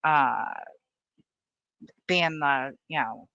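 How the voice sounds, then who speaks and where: Slow, crisp-voiced woman with dry humor. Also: deep voice, sharp tone, no echo, muffled recording. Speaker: stream co-host. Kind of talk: casual live-stream chat.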